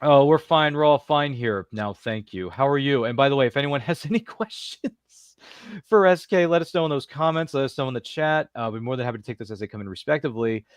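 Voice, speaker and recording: A man's voice: medium pitch, expressive, fairly quick, clean tone, no echo, clean studio sound. A man hosting a podcast interview, chatty and jokey, with many fillers and asides. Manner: chatty, jokey, self-deprecating, filler-heavy. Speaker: podcast host. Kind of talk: casual interview chat.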